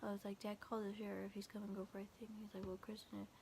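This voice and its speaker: A young woman recounts a frightening night in a loose, rambling storytime, forever quoting what was said with "I was like." Her voice stays flat in pitch and has a gravelly fry. A faint ambient hiss sits behind her. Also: racing. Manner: quotes texts with constant "I was like", "he's like"; rambling, filler-heavy, frequent restarts. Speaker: vlogger. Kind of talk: casual storytime retelling.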